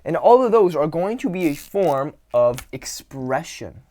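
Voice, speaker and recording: A man coaching on social skills in a casual instructional talk, relaxed and grounded, slowing his words for emphasis. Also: on the high side. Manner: demonstrative, swings from whisper to loud to show vocal dynamics; relaxed, grounded, drawn-out delivery with sighs.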